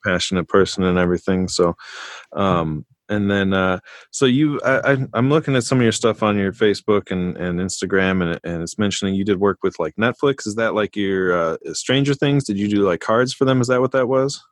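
A man hosting a casual podcast, asking questions with a relaxed, jokey manner. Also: on the low side, no room sound, clean studio sound. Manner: relaxed, jokey, quick short replies. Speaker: podcast host.

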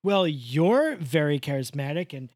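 Animated New woman telling stories. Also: low voice, measured pace, dry recording, studio quality. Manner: animated storyteller, acts out quotes, self-deprecating. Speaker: podcast co-host. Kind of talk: casual chat.

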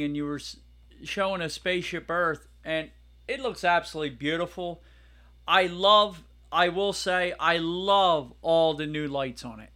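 Excitable podcast co-host, slightly high-pitched man, rambling and loose. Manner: excitable, laughs loudly, rambling. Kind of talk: casual chat.

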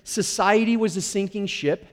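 High-voiced pastor in a reverberant hall. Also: male voice, normal speed. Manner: candid and self-deprecating, with playful asides. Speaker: lead pastor. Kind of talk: conversational sermon. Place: church sanctuary. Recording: long reverb of a large hall.

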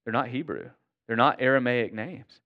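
A man's voice: mid-range voice, normal speed, highs cut off. A man preaching a sermon to his congregation in an earnest, conversational way. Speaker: pastor.

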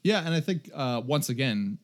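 A man co-hosting a tabletop gaming podcast in casual chat, talkative and quick to laugh at himself. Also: medium pitch, lively intonation. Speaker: podcast co-host.

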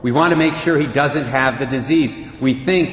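A man voicing a grave older male doctor, speaking quietly, urgently and solemnly. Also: medium pitch, moderate pace, slight background noise, close to an everyday voice. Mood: solemn pleading. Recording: echoey hall, faint ambience.

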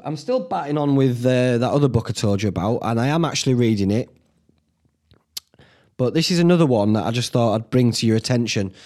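A man's voice: mid-range voice, darkish tone. A young man, hosting a casual solo podcast from home, rambling and swearing freely. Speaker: podcast host. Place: indoors at home.

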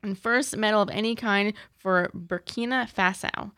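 A woman's voice: mid-range voice, moderate pace, pushed and bright, no room sound, clean studio sound. A young woman hosting a casual chat, reading out news items in a light, chatty way.

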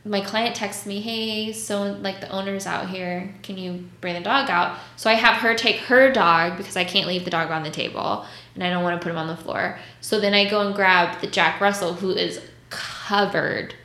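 A mobile dog groomer with a mid-range, pushed and bright voice tells casual stories at a moderate pace, her intonation fairly even. She's blunt and profane and puts on other people's voices as she goes. The room adds a noticeable echo.

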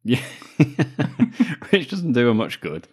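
A man's voice: mid-range voice, wildly swooping pitch, takes it slowly, husky. A man co-hosting a casual film podcast, bantering crudely and laughing often as he recaps scenes. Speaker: podcast co-host. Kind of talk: casual film-review chat.

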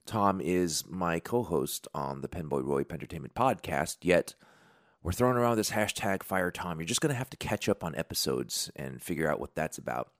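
A man's voice: low-pitched, no room sound, studio quality. A man hosting a podcast, chatting casually and reading sponsor spots in a rambling, jokey, self-deprecating way. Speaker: podcast host. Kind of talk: casual unscripted chat and sponsor reads.

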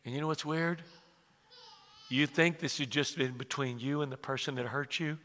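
A man, preaching a conversational sermon full of stories, swinging from hushed asides to loud bursts. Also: medium pitch, fairly even intonation, normal speed. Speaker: pastor. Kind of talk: sermon with storytelling. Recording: reverberant church hall.

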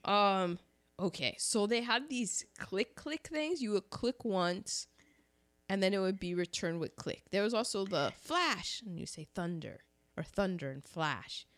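Lively, animated woman chatting casually. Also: medium pitch, measured pace. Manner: animated, acts out lines from the film, laughs often. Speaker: co-host discussing a war film. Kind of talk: casual chat.

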